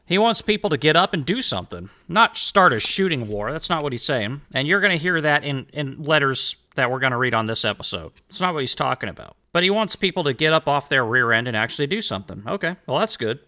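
A man's voice: medium pitch, bright, forceful tone. A man hosting a solo podcast, chatting and making wry asides as he reads historical letters aloud. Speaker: podcast host.

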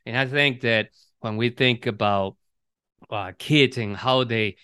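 A podcast co-host with a mid-range, slightly bright, clean voice speaks at a measured pace in a dry, studio-quality recording. Casual and reflective, he often restarts his sentences and repeats words.

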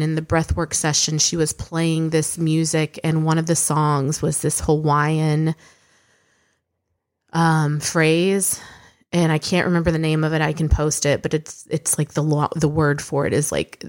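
Low-voiced chatty woman telling a story. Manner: chatty, swears freely, many fillers. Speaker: podcast co-host. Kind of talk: candid personal storytelling.

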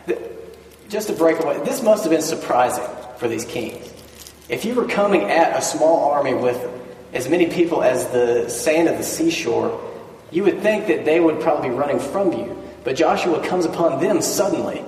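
A man's voice: medium pitch, moderate pace, darkish tone, slight background noise. A man preaching a sermon, reading scripture aloud and breaking off for conversational asides. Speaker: pastor. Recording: echoey hall, mic at a distance.

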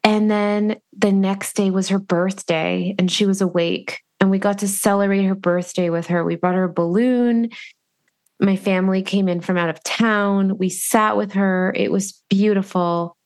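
A woman host telling a personal story in an earnest, reflective way, pausing and restarting often. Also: medium pitch, fairly even intonation, a little mellow. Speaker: podcast host.

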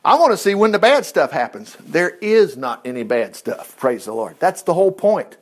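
A man reading the Bible aloud in an informal way, breaking in with excited exclamations and asides. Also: a little high, moderate pace. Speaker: Bible teacher.

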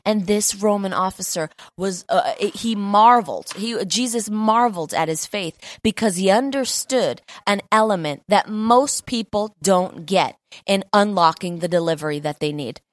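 A woman's voice: medium pitch, moderate pace, no echo. Fervent woman preaching, dry sound. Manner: fervent, conversational, repetitive emphasis with many fillers. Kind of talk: sermon.

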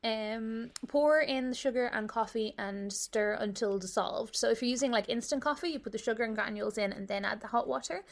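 Brief: young woman, higher-pitched voice, chatty and rambling co-host. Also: brisk, creaky, few pauses. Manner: chatty storyteller, many fillers and asides. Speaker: podcast co-host. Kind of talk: casual chat.

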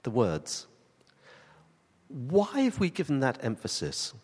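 A man preaching in a church, his voice rising and falling with lively, expressive intonation. He leans into emphatic questions, then slows down to drop to soft, deliberate stresses. His words ring out with the long reverb of a large church hall. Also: mid-range voice. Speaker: pastor. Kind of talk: sermon.

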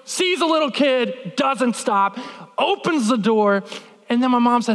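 A man preaching a sermon, telling a childhood story in an animated, humorous way with lots of filler words. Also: very high-pitched, measured pace, in a large hall. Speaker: pastor.

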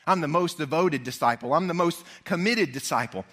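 A man's voice: a little high, fairly quick, sharp tone, breathy edge. A preacher acting out a boastful male disciple. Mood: indignant. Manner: self-important, insistent. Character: boastful male disciple arguing over rank.

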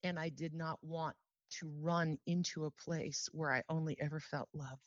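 A woman telling her personal story as an interview guest, earnest and heartfelt, emotional and near tears, slowing down on solemn phrases. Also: deep voice, steady tone, no room sound, muffled recording.

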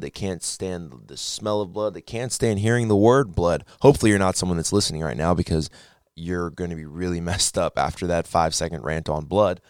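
A man's voice: sits low, no echo, clean studio sound. A young man hosting his own podcast, talking casually about faith with joking asides and frequent restarts. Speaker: podcast host. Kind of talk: casual faith talk monologue.

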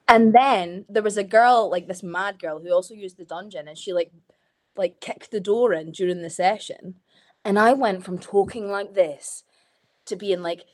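A Scottish woman chatting as a podcast guest. She talks frankly and swears freely, with a mid-pitched voice. Her speech is loose and full of "like". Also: moderate pace. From Scotland. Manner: frank, swears freely, leans on "like" while telling stories. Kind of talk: casual chat.

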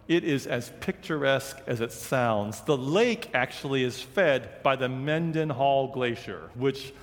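A man preaching a sermon in a conversational, animated way, slowing down for quoted scripture. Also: mid-range voice. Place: large church sanctuary. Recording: long reverb of a big hall.

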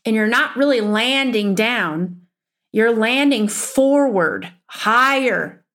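A woman's voice: a little high, expressive, takes it slowly, a bit bright. A woman in her thirties with an Upper Midwestern accent, teaching as a spiritual coach in an earnest, emphatic way that repeats key phrases. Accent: Upper Midwestern American. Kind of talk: teaching monologue.

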